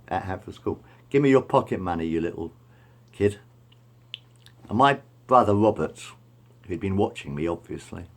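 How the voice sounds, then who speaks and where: Low-ish voiced middle aged guy rambling on about the old days, keeps repeating himself. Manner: repetitive, meandering, self-correcting. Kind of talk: rambling personal storytelling.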